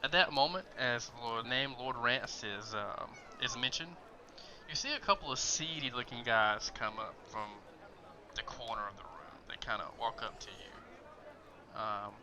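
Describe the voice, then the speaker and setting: Animated male game master narrating. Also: mid-range voice, slight background noise. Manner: halting, filler-heavy narration. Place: online voice chat.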